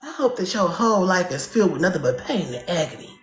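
A woman's voice: on the low side, big pitch swings, fast talker, soft background music. Woman ranting profanely in a roomy space. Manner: profane, insulting, theatrical. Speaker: livestream host. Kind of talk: livestream rant.

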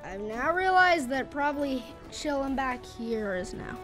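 A young woman talks through her gameplay into a boom mic, chatty and self-deprecating, now and then bursting into loud exclamations. Her voice sits high and her pace is slow and easy. Faint game music plays underneath. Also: animated. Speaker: gaming channel host. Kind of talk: casual gameplay commentary. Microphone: boom arm studio mic.

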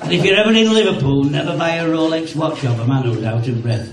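Deadpan stand-up comedian in a roomy venue. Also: male voice, a little high, fast talker. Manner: deadpan jokes with chatty asides to the crowd. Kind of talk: stand-up one-liners to a live audience. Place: live venue with an audience. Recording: roomy venue sound, mic from a distance, crowd laughter.

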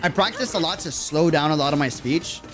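A young man from New York City with a New York accent, chatting casually while streaming a game live and reacting loudly to the action. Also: on the high side, brisk, music in the background. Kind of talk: live gaming stream chat.

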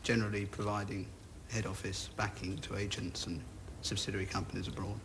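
Sussex contestant, man, low voice, plain quiet answers, hiss from old TV tape. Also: little pitch movement, a little fast. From Sussex, England. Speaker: game show contestant. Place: TV studio.

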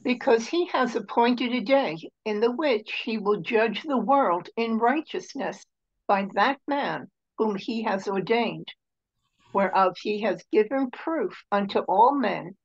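A woman reading scripture aloud in a steady, measured way. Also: medium pitch, muffled recording. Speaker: scripture reader.

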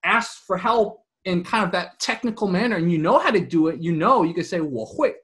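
Relaxed man teaching, chatty and casual. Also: high-pitched, fairly quick. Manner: relaxed, filler-heavy explaining. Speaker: language teacher.

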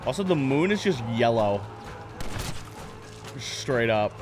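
Male streamer, playful and jokey, mid-pitched voice, loud game music underneath. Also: sing-song, takes it slowly. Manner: joking, playful, blurts mock gunshot sounds. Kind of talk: gameplay commentary.

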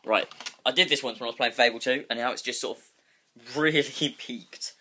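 A man's voice: medium pitch, normal speed, background noise. A young man vlogging on a handheld phone at home, rambling and restless and swearing freely. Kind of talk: casual vlog. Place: bedroom at home. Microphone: phone held in hand.

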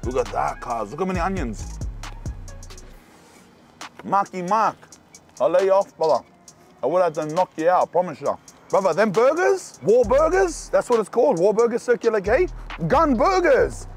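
A young man with a Sydney accent reviewing burgers in a casual vlog, talking in loud slangy banter. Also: moderate pace, pauses often, soft background music. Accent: Australian, Sydney. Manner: loud slangy banter, animated swings in pitch. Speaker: food reviewer and vlogger. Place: outdoors and in burger shops around the city.

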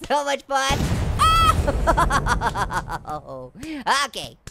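Cartoon orange, male: very high, bouncy, giggly, pun-happy game commentator; noisy track. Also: huge pitch swings, very slow, gravelly, heavily acted. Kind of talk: gameplay commentary. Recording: noisy recording.

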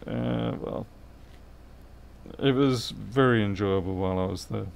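Working through a repair on a livestream, a middle-aged man rambles casually, thinks out loud, and responds to chat. His voice is low-ish and creaky, a little slow, and broken by frequent pauses.

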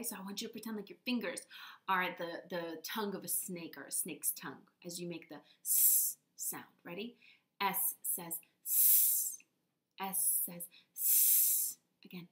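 A woman teaching letter sounds to young children, slow and encouraging, drawing out each sound for them to copy. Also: medium pitch, pushed and bright, roomy sound. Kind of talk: children's phonics lesson.

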